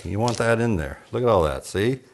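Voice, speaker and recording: A man's voice: fairly low pitch, lively intonation, fairly quick, noisy background. A man from Texas cooking in his home kitchen, chatting in a folksy, joking way as he demonstrates a recipe. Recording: bacon sizzling and frying in the kitchen.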